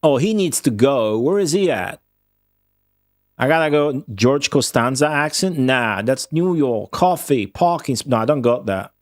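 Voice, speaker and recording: Male streamer, non-native English speaker with a slight Midwestern and Australian tinge. Mid-pitched, casual, profane running commentary, dry close mic. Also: lively intonation, measured pace, no echo. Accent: slight Midwestern with a touch of Australian. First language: Italian. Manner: profane, rambling and offhand. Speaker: game streamer. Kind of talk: live gameplay commentary with chat.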